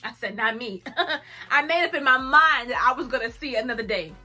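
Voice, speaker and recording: A young woman vlogger telling a personal story to camera in a casual, animated way, acting out what she said. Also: high-pitched, a little fast, soft background music. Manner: animated, acts out her own lines with laughs.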